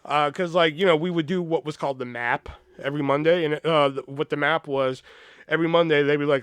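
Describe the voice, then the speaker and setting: A man in casual storytelling mode, swearing freely and jumping into voices for the people in his stories. His voice sits a little high for a man and sounds close and dry, with no room around it. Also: a little fast, clean tone, no room sound. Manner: profane, animated, acts out quoted voices. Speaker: podcast host.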